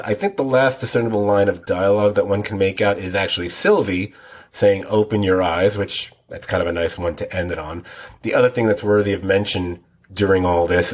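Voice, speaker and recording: Low husky male podcast co-host. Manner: rambling, self-deprecating, lists details in long runs. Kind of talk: casual chat.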